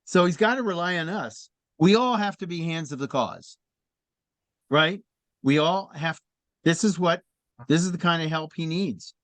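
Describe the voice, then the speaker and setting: A middle-aged man telling stories in a conversational talk, animated and laughing often as he speaks. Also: fairly high pitch, normal speed, no room sound. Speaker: speaker in a faith discussion.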